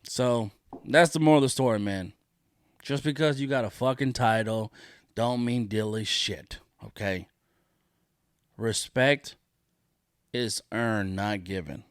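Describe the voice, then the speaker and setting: A man's voice: lowish voice, slow, pauses often, clean tone, no room sound, studio quality. A man hosting a solo podcast, ranting in a profane, indignant way and repeating his points for emphasis. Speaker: podcast host.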